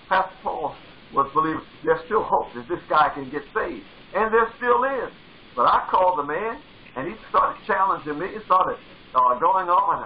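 A man's voice: on the high side, expressive, moderate pace, muffled recording, slight background noise. A male pastor preaching a sermon with fervor, driving points home by repeating phrases. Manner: fervent, repeats phrases for emphasis.

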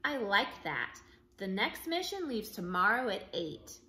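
Storybook read-aloud: a kind, encouraging space official, voiced by a woman, in a bright, lively voice. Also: mid-range voice, a little slow. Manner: friendly, encouraging. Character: kindly adult man, space official.

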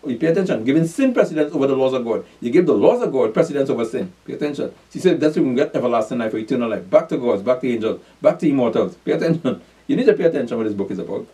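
A man's voice: mid-range voice, animated, very fast, mellow. A man preaching a sermon, reading scripture aloud and drilling listeners with call-and-response questions and repeated commands to pay attention. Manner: repeats "pay attention" insistently, with brief chuckles. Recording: voice from far off the mic.

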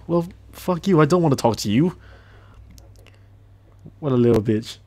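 A man's voice: medium pitch, animated, moderate pace, long pauses, warm tone. A man giving crude, chatty commentary while playing a game. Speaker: gameplay commentator. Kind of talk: casual let's-play commentary.

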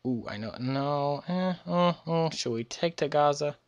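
A man's voice: fairly high pitch, unhurried. A tired man giving casual, rambling commentary over a strategy game, often correcting himself mid-sentence. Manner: rambling, self-correcting, chatty. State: recovering from illness. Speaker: let's play gamer.

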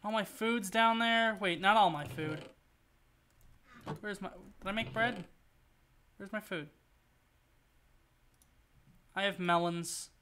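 A man's voice: sits high, slow pace, pauses often, pushed and bright, smooth. A man streaming a video game, rambling and joking through his play and swearing when things go wrong. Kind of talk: casual gameplay commentary.

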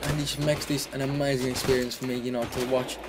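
A man's voice: medium pitch, flat delivery, quick pace, noisy background. A young man giving casual, rambling gameplay commentary, often repeating words and restarting his sentences. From Britain. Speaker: gaming commentator.

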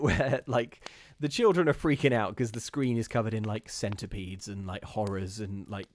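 On a live stream, a man reads ghost stories aloud and chats casually, giggling and rambling in an animated way. His voice is mid-range, and there's no room sound.

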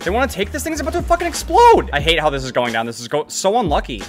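A man's voice: a little high, huge pitch swings, racing, over music. A young man giving live commentary over his own gameplay, swearing a lot and mocking himself. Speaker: gaming YouTuber. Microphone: desk condenser microphone.

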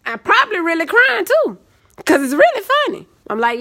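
Young woman streamer, animated and sassy, high voice swinging widely in pitch. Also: a little fast, vocal fry. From Southern United States. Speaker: live-stream host. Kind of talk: casual live-stream chat.

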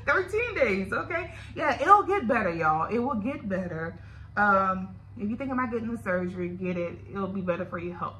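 A woman's voice: mid-range voice, bright, forceful tone, slight background noise, poor audio. A woman with a Louisiana accent, chatting candidly and directly to her viewers in a casual video diary. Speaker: vlogger. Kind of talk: casual chat to camera.

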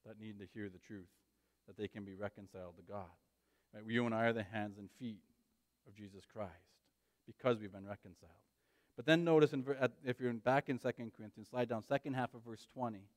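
A man's voice: mid-range voice, no room sound, clean studio sound. Urgent pastor, a man preaching. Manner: urgent, pleading, repeats "right?". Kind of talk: sermon.

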